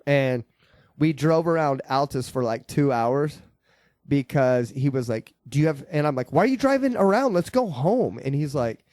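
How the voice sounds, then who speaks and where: A man's voice: medium pitch, a little slow, darkish tone, no echo, clean studio sound. Profane, laughing man telling stories. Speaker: podcast host. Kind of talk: casual podcast chat.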